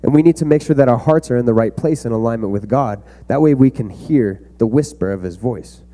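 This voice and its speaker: A man's voice: mid-range voice, fairly quick, dark tone. A young man giving an earnest, conversational youth sermon to a room of kids. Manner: earnest, conversational preaching with fillers. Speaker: youth pastor.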